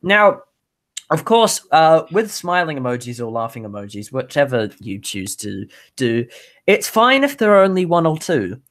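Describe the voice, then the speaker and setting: A woman's voice: low voice, very animated, normal speed. Chatty woman podcast host, bubbly, trips over her words a lot, reading the news. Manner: bubbly, rambling with many restarts. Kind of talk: casual news chat.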